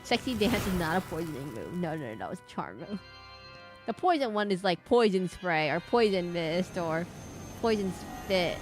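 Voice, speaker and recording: A woman's voice: fairly low pitch, sing-song, normal speed, music in the background. A young woman streaming a game, chatting casually and thinking aloud in a rambling way. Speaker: VTuber streamer. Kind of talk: casual gaming stream chat.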